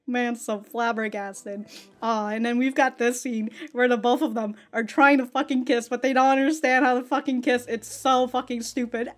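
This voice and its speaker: Excitable woman with a high voice. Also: normal speed. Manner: excitable, swears a lot, laughs often, says "dude". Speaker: anime reaction host. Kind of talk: casual reaction commentary.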